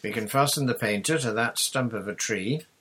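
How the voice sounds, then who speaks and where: A man's voice: mid-range voice, moderate pace, fairly bright tone, slight background noise, close to an everyday voice. A man voicing a confident boy who captains a small sailing boat in a storybook reading, giving assured instructions. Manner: assured and commanding.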